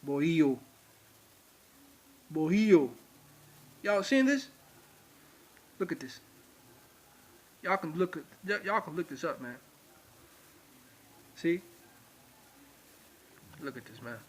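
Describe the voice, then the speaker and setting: A man teaches in a slow, deliberate way, turning to his viewers again and again. His voice sits a little high. He repeats key words for emphasis. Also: very animated, a bit bright, a little hiss or hum. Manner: emphatic, repetitive, addresses viewers directly. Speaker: religious teacher. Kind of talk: informal video lecture.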